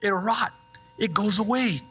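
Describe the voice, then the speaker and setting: A middle-aged man preaching a sermon as a pastor, telling stories with lively asides and checking in with the congregation. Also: high voice, unhurried, husky. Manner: animated storytelling with call-and-response asides.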